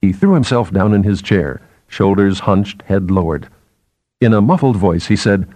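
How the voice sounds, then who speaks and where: A man narrating a story in a measured, storytelling manner. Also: fairly low pitch, darkish tone, no room sound. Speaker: audiobook narrator. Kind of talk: scripted narration.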